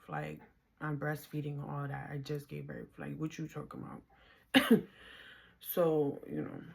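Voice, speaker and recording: A woman's voice: low voice, creaky, breathy edge. A woman in her twenties from the Bronx with a New York accent, telling her own story to camera in casual slangy talk. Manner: casual slangy talk, quoting others in voices, rising when heated.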